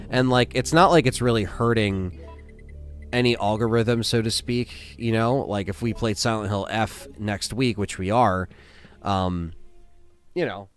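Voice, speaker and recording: Low-voiced man, tired, casual stream chat, halting with fillers, faint music behind. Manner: rambling, lots of fillers and restarts. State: tired, yawning.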